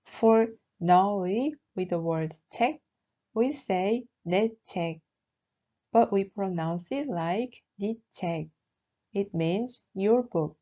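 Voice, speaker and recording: Woman language teacher, careful scripted voice-over, soft dark tone, lo-fi sound. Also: mid-range voice, expressive. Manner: slow, careful explaining with example words. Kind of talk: scripted lesson narration.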